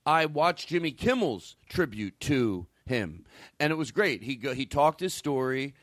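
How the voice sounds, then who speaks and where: A man's voice: mid-range voice, very animated, unhurried, dry recording. A man hosting a podcast, telling stories in a loose, rambling and profane way, with lots of restarts. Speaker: podcast host. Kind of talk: casual chat. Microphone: studio mic with a caller on the line.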